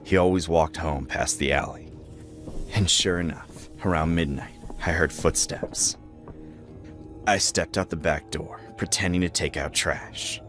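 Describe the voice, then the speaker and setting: A man narrating a scripted horror story with dramatic, expressive storytelling. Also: low voice, measured pace, faint music behind.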